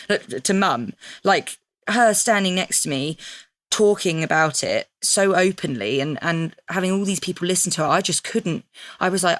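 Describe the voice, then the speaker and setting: A woman's voice: on the low side, expressive, moderate pace, fairly bright tone, dry recording. A woman in her thirties, talking frankly and reflectively about her teenage years and acting out her own past thoughts. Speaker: podcast guest. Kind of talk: candid conversational storytelling.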